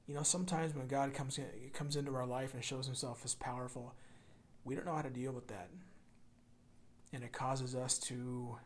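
A man preaching a sermon, swinging from loud emphasis to hushed near-whispers and repeating words as he builds a point. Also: mid-range voice, fairly even intonation, moderate pace. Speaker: pastor.

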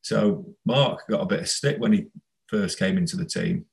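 Low-pitched male ex-player, rambling anecdotal guest, laughs mid-story. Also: normal speed, creaky, rough recording. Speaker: former footballer guest. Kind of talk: casual storytelling interview.

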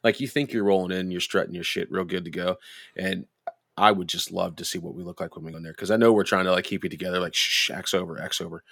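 A man in casual chat, telling crude drinking stories with lots of swearing and animated quoted voices. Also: deep voice, fast, gravelly, no echo, studio quality. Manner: profane storytelling, lively quoted voices.

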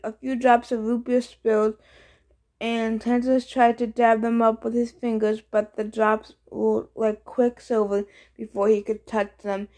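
A woman reading a chapter of a novel aloud in steady storytelling narration. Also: fairly high pitch. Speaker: reader. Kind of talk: audiobook reading.

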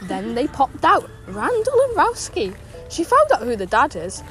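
This is a rambling old grandmother who gossips bluntly and swears freely, as a woman puts her on. Her voice sits high and swoops up and down all the time. Faint music plays underneath. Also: wildly swooping pitch, measured pace, fairly bright tone, full character voice. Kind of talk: comic storytelling monologue.

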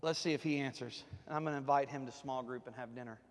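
A man's voice: medium pitch, fairly even intonation, fast talker, background noise. A pastor, preaching a joking, folksy sermon to his congregation from the platform of a church. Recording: long reverb of a church hall.

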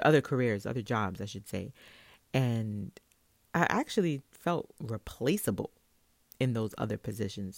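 A woman from Brooklyn, a hairstylist telling a story in a casual, animated way and laughing often. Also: rumbling low, vocal fry, dry recording. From Brooklyn, New York.

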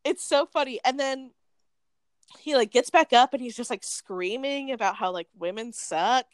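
A woman's voice: a little high, normal speed, no echo. A young woman chatting on a podcast, retelling a story with lots of "like" and acted-out quotes. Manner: animated storyteller, heavy use of "like", acts out quotes. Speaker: podcast co-host. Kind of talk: casual podcast chat.

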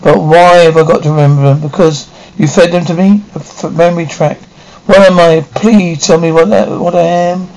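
Actress doing a defiant young daughter, sharp and scornful, old 50s tv drama style. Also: female voice, lowish voice, steady tone, moderate pace, hardly any pauses, natural voice, rough recording. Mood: distraught. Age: young adult. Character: defiant grown daughter, restless and rebellious. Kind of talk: 1950s TV drama acting.

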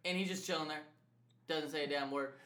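A young man tells a story with lots of swearing in an easygoing podcast chat. His voice is bright and sits a bit high. The room around him is echoey. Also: brisk. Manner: animated storyteller, heavy swearing. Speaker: podcast co-host. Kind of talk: casual profane chat.

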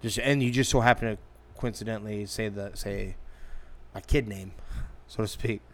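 A man's voice: fairly low pitch, steady tone, normal speed, fairly bright tone, a little hiss or hum. A man casually telling a rambling, crude story to friends, often laughing and putting on the voices of the people in it. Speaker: storyteller in group chat.

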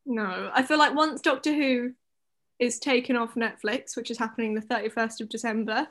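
A woman's voice: a little high, fairly even intonation, fairly bright tone. A young woman, co-hosting a casual podcast chat, chatty and giggly. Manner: chatty, giggly, recaps plot quickly. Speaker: podcast co-host.

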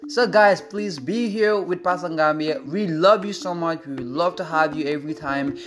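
Male podcast host, repetitive restarts, slightly high voice, faint music behind. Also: moderate pace. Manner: repetitive, restarts often, acts out quoted voices. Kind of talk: casual motivational podcast talk.

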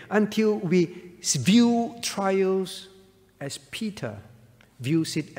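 Pastor guy preaching, kinda high voice, long echo tail like a big hall. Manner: earnest preaching, often checking in with "all right?". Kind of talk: sermon.

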